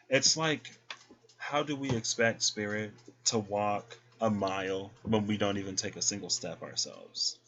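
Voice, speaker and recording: A man's voice: fairly low pitch, a bit bright, muffled recording. A man giving a casual, chatty tarot reading to his viewers. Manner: chatty, folksy, talks to viewers as y'all. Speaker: tarot reader.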